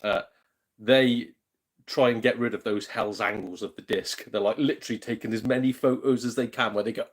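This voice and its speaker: A man's voice: medium pitch, fairly even intonation, moderate pace. A man with a British accent hosting a gaming channel, chatting casually on a livestream and reading out viewer comments, joking, laughing often and swearing mildly. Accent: British English.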